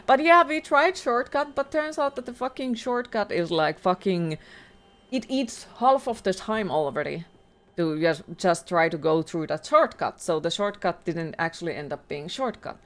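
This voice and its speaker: Profane ranting woman streamer. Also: lowish voice. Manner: ranting, heavily profane, exasperated. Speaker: livestreamer playing a horror game. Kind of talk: live gameplay commentary.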